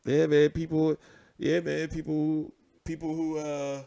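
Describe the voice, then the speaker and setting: A man's voice: on the high side, a little slow, gravelly, clear, resonant tone. A man hosting casual boxing commentary, ranting with lots of swearing and repetition. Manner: animated, profane, repeats himself.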